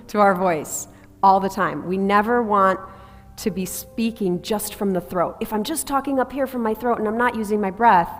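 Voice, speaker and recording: Voice coach woman in a big echoey hall. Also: medium pitch. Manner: demonstrates breathing sounds, asks the group to try. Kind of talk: workshop teaching to a group. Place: large hall with a live group.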